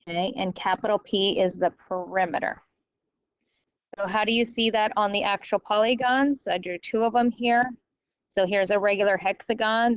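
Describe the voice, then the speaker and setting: A woman teacher explaining a math lesson step by step, often pausing to check with "okay?". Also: mid-range voice, clean tone, no echo, muffled recording. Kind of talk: recorded classroom lecture.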